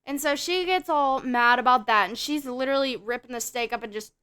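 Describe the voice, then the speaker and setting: A woman co-hosting a casual film review podcast, summarizing the plot in a plain, steady way. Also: high-pitched, fairly quick, smooth. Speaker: podcast co-host.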